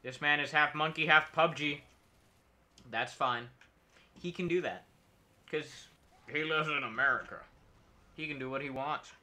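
A man's voice: on the high side, measured pace, long pauses, sharp tone. A man streaming a video game, talking casually and joking in a rambling, mock-patriotic way. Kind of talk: casual gameplay commentary.

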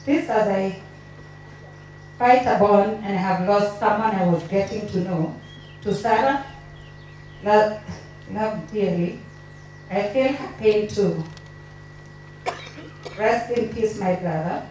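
A woman reads tributes at a memorial gathering, halting and tearful. Her voice is slow and mellow. It is heard from a distance in a very echoey hall with faint background noise. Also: medium pitch. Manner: emotional, halting delivery. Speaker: family member giving a eulogy. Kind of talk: reading tributes at a memorial service.

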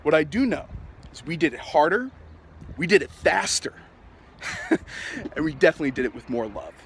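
A man's voice: on the high side, sing-song, normal speed, a bit bright, poor audio. A man playing a defiant, ranting young punk. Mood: sardonic rant. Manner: profane, sardonic ranting. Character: angry young male punk, sardonic and defiant. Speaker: actor performing a film monologue. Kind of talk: dramatic monologue. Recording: outdoor traffic noise behind.

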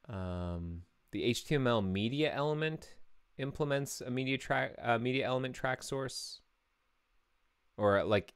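Here a programmer with a lowish, clean voice streams his work live, thinking aloud. He explains the code step by step, casually, correcting himself as he goes, into a studio mic fitted with a pop filter.

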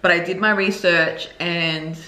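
A woman vlogger tells a story time to camera in a crisp, bright voice. She talks frankly and expressively, straight to her viewers. The sound is echoey, as if she were recording in a bare room. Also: lowish voice, measured pace. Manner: candid and expressive, addresses viewers directly. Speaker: beauty vlogger.

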